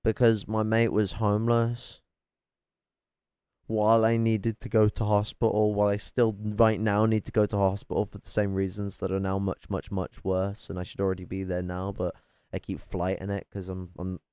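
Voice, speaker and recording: A man ranting angrily and profanely as he reacts to political clips from his flat. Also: lowish voice, normal speed, clear, resonant tone, no room sound. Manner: angry, profane, confrontational.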